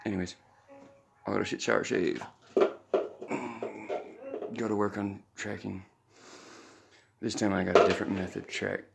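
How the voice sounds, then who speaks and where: A man's voice: deep voice, creaky. A man casually chatting on a live stream, rambling and telling a story in a loose, offhand way. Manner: rambling, baby-talks to his puppies. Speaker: vlogger.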